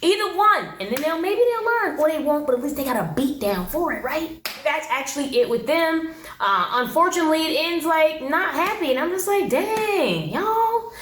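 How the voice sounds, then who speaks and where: This TV show reviewer's voice is high and fairly bright, with lively intonation at a normal speed. She gives a blunt, slangy, casual episode recap, performing the people she quotes. The room echoes, and there's slight background noise.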